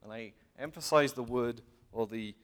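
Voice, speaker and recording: A lay preacher delivers an earnest sermon to a congregation in a meeting hall, often posing questions and pressing his points with emphatic rises. His voice is medium-pitched, fairly bright and clean, at normal speed.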